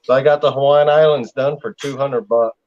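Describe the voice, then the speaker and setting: Southern man hosting a casual stream chat, easygoing storyteller, mid-pitched, slightly muffled lo-fi audio. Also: steady tone, fairly quick, a little mellow. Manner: laid-back storytelling. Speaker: livestream host. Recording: slightly dull lo-fi sound.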